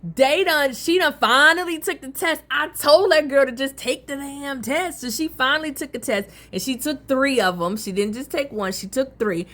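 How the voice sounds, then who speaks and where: Animated gossipy woman recapping a soap. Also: sits high, moderate pace. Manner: animated, colloquial, gossipy asides. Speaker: soap opera recap host. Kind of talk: casual recap commentary.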